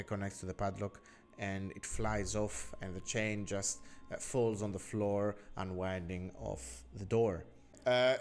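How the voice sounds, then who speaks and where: A man narrating as game master of a tabletop game, unhurried and halting, with many fillers. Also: lowish voice.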